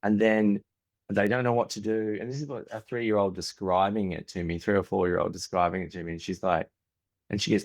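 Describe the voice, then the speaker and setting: A man's voice: fairly low pitch, steady tone, a little fast. A man in his forties with an Australian accent, a podcast guest telling candid stories, often restarting sentences and acting out family dialogue. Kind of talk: candid conversational storytelling.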